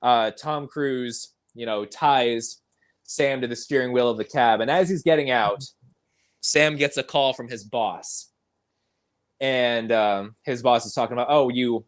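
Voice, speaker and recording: A man's voice: medium pitch, measured pace. A man hosting a casual film discussion podcast, eagerly recapping scenes and often laughing. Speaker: podcast host.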